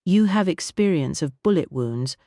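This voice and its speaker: Woman doing a brisk Scottish doctor. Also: fairly low pitch, animated, warm tone, no echo, studio quality. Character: Scottish male country doctor, brisk and grave. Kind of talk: audiobook character voice.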